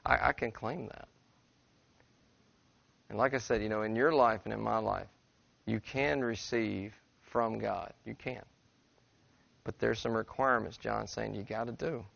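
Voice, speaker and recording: A man's voice: fairly low pitch, fairly even intonation, unhurried, gravelly, long pauses, fairly bright tone, no room sound, highs cut off. A middle-aged pastor, a man, preaching a sermon in a folksy, conversational storytelling way to his church. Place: church sanctuary.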